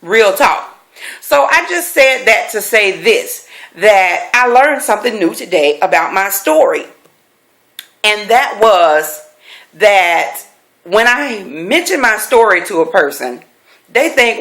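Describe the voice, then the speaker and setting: A middle-aged woman, a life coach, telling a personal story with animated, emphatic delivery, repeating key phrases for effect. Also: mid-range voice, takes it slowly. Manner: animated, acts out quoted voices; emphatic repetition.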